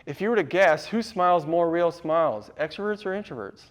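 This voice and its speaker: Man, slightly high voice, casual workshop presenter, laughs easily, keeps quizzing the crowd. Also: lively intonation, brisk. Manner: chuckly, quizzes the audience often. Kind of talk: casual audience lecture. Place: room with a live audience.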